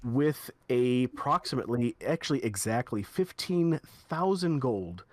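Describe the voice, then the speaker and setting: A man narrating a tabletop game as game master, halting and repeating himself. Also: mid-range voice, expressive, dry recording.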